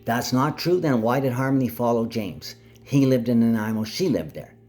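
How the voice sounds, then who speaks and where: A man of middling pitch talks straight to camera in a long, rambling monologue. He is agitated and keeps addressing family members who are not there, slipping in and out of anger. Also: normal speed, darkish tone, faint music behind. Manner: speaks to absent family members. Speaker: vlogger.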